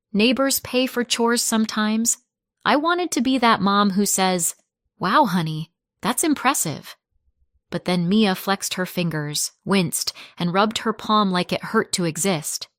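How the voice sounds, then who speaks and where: A woman narrating a scripted first-person family story in a measured, soft-spoken way. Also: on the low side, no room sound, clean studio sound.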